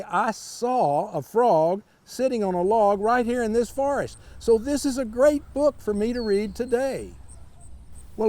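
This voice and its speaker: Older man, storytime reader, folksy kid-friendly asides, high lively voice. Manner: folksy, chatty asides to kids. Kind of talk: reading a picture book aloud to children.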